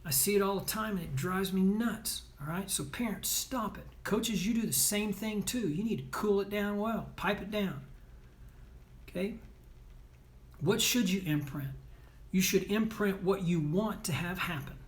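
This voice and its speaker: A male sports coach delivers a motivational talk in a fairly high voice. He is blunt and emphatic, scolds his listeners at times, and keeps punctuating his points with "right?" and "okay?". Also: a little slow.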